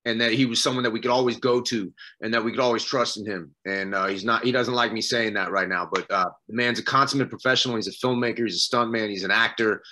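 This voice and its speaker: Bright-voiced man giving earnest praise. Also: on the low side, fairly even intonation. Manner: earnest, halting, many fillers. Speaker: actor on a cast reunion panel.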